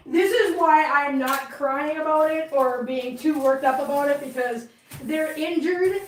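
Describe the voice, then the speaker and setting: A woman's voice: high voice, measured pace, roomy sound. A woman vlogging at home about her cats, chatting casually and cooing at the kittens in a sing-song voice. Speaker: cat channel vlogger. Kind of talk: casual vlog chat and baby talk to cats. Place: home living room with hardwood floor.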